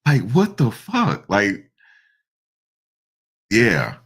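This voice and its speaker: A man giving casual, slangy reaction commentary, animated and repeating himself, often breaking into laughter. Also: lowish voice, drawn-out words, husky. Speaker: online commentator.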